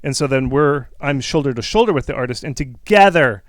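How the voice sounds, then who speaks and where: A man's voice: medium pitch, expressive, fairly quick, no room sound. A man hosting a game-marketing talk, rambling through casual advice with many restarts and acted-out upbeat feedback lines.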